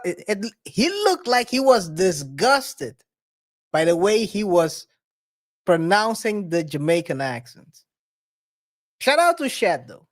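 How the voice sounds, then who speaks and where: A man co-hosting a podcast, chatting in an animated way with quick restarts and shout-outs. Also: sits high. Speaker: co-host. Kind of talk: casual podcast chat.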